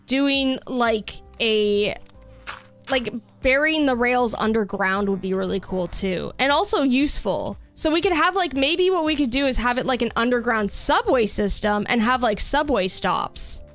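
Streaming a building game live, this young woman speaks in a slightly high, animated, unhurried voice with a fairly bright tone. Soft music plays behind her casual, cheerful chatter, which is full of fillers and includes reading chat messages out loud.

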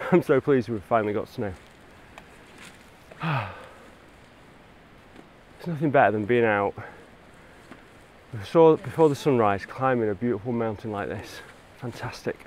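A man's voice: medium pitch, expressive, measured pace, long pauses, a little mellow, a little hiss or hum, poor audio. An English man filming a casual photography vlog outdoors on a mountain, talking with enthusiasm as he hikes and shoots. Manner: enthusiastic, talks while hiking and shooting. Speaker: landscape photography vlogger.

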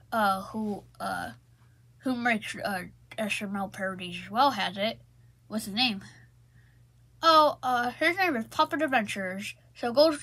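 A woman making a homemade puppet parody, voicing every puppet herself with energetic, shouty delivery. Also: fairly high pitch. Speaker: puppet video maker.

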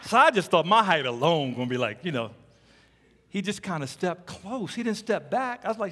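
A man preaching as a pastor, telling stories in an animated way and teasing the congregation with playful asides. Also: sits high, moderate pace, background noise. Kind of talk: sermon. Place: church sanctuary. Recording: long hall reverb.

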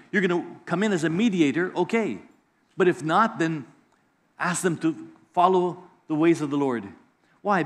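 High-voiced lively pastor. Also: male voice. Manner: lively preacher, acts out voices in anecdotes. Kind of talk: sermon.

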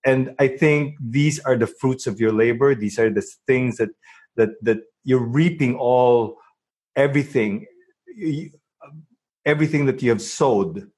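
Husky male interview host. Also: medium pitch. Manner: warmly affirming, halting with repeated words. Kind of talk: casual interview chat.

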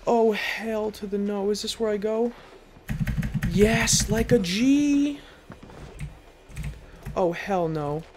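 A man's voice: sits high, slow, background noise. Frantic, cursing young gamer guy. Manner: frantic, profane, repeats himself in panic. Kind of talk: let's play commentary. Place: bedroom at home.

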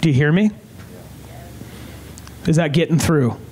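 Man, evangelist, high-pitched, fervent revival preaching, repeats phrases, deliberate emphasis. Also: a little mellow, a little hiss or hum, poor audio. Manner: fervent, repeats phrases for emphasis, slows down to drive points home. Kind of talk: revival sermon. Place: evening service in a tent.

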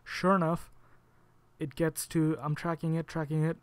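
A man's voice: fairly high pitch, little pitch movement, normal speed, no echo. Cursing, exasperated man ranting. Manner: profane and exasperated, swearing often. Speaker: vlogger. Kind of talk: angry rant to camera. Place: home.

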